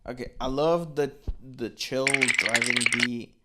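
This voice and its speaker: This young man co-hosts an album review podcast, speaking slowly in a medium-pitched voice over a very noisy recording. His casual chat rambles, packed with "like" and "you know."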